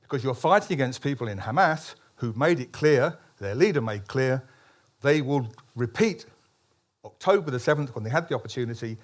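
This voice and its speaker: Emphatic man giving a speech. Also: medium pitch. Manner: emphatic, with frequent restarts and ironic asides. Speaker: columnist giving a public talk. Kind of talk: public speech at a political meeting. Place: public meeting hall.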